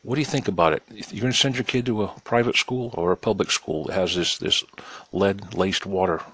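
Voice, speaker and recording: Low-voiced cynical man commenting on news. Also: fairly quick, fairly bright tone, breathy edge, dry recording. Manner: cynical, reads news aloud and mocks it; addresses listeners directly, folksy. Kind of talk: sarcastic news commentary monologue.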